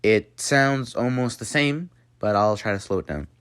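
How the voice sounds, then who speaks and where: A man's voice: on the low side, normal speed, a bit bright, smooth, no room sound, studio quality. A man hosting a jokey tutorial and talking to his viewers as if they were a class. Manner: playful, talks to viewers as a class. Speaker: channel host teaching a mock language lesson.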